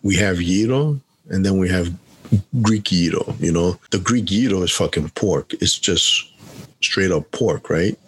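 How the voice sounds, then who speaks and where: A middle-aged man in casual podcast chat, profane and animated, acting out other people as he tells stories. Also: low-pitched, measured pace, slight background noise. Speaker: podcast co-host.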